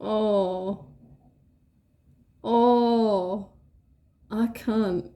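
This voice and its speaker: Excitable swearing woman reading tarot. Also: mid-range voice, slow pace, long pauses. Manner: excitable, swears freely, rambling asides. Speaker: tarot reader. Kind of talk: casual tarot reading to camera.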